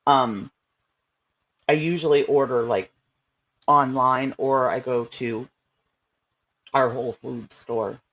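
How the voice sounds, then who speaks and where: Hosting a relaxed livestream, a woman speaks directly to her viewers in a very low, steady, slightly bright voice, going slowly with frequent pauses. Her chat reacts to viewers, wandering in circles and packed with fillers. The sound is dull and lo-fi.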